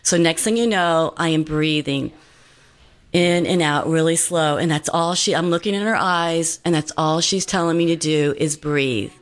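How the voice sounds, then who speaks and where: A woman's voice: low-pitched, normal speed. A woman guest telling a personal story in an earnest, meandering way, full of fillers and restarts.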